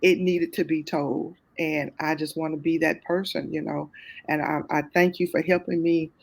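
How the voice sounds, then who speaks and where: A woman's voice: low voice, fairly even intonation, normal speed, creaky. A woman with a Southern US accent, speaking as a guest and telling her life story openly, full of faith and repeating phrases for emphasis. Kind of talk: candid testimony in conversation.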